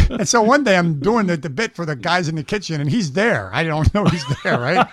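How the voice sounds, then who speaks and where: Fast-talking impressionist man, animated. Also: a little high, no echo. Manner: animated storytelling, quick and emphatic. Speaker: impressionist guest. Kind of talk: casual interview chat.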